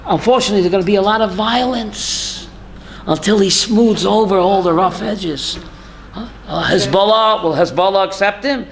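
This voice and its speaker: A man's voice: high voice, normal speed, creaky, slight background noise. A man giving a rabbi's Torah class, emphatic, firing rhetorical questions and calling on listeners by name.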